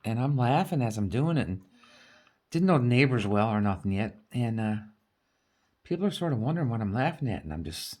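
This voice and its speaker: A woman's voice: a bass voice, sing-song, fairly quick, darkish tone. Chatty woman with a Newfoundland accent. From Newfoundland, Canada. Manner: chatty, laughs often, talks to viewers. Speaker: crafting vlogger. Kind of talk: casual chat while crafting.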